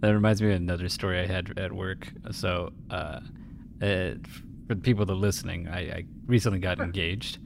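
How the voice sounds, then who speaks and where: A man's voice: sits low, fairly quick, creaky, slight background noise. A young man, a podcast co-host, telling work stories in casual chat and often laughing as he talks. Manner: laughs through his stories, animated retelling.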